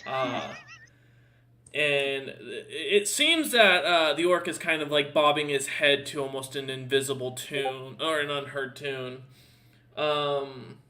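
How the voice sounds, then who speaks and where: A man narrating a tabletop game as dungeon master, halting and full of fillers. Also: mid-range voice, pushed and bright, a little hiss or hum.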